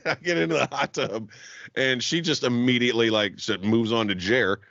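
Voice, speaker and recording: A young man co-hosts a podcast, spinning a long story in casual conversation while swearing constantly and laughing a lot. His mid-range voice is gravelly and fairly bright, at a moderate pace. The recording has no echo but sounds dull and lo-fi.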